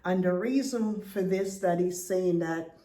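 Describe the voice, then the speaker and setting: A woman's voice: lowish voice, a little slow, mellow, dry recording. A middle-aged woman delivering a blunt, confrontational rant as a vlogger, often repeating herself for emphasis. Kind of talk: ranting commentary video.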